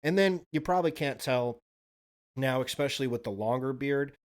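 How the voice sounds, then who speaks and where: A man's voice: medium pitch, moderate pace, clean tone. Laid-back, swearing man telling stories. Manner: rambling, profane, laid-back. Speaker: podcast host. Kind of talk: casual storytelling monologue.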